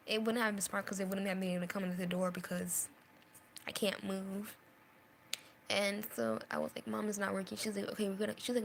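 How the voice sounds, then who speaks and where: A woman's voice: medium pitch, gravelly, a little hiss or hum. A young woman telling a storytime vlog in an earnest way, repeating phrases and dropping into whispers at painful moments. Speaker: vlogger.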